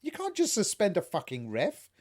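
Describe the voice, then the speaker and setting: Animated, laughing British man, lively pitch. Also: moderate pace. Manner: animated, laughs often, swears freely. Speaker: podcast co-host. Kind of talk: casual podcast chat.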